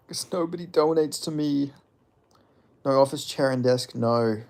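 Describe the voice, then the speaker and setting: A man's voice: medium pitch, unhurried, a little mellow. A man hosting a casual livestream, rambling about fights, reading chat aloud and jokingly apologizing. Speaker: livestream host.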